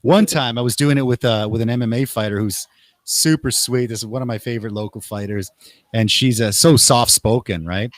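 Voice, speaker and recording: A young man hosts a casual chat, telling stories with lively energy and jumping into higher voices to act out what people said. His voice sits at an everyday pitch and sounds close and dry, with little room echo. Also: fairly quick. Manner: animated, acts out quotes in raised voices. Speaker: podcast host. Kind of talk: casual conversational storytelling.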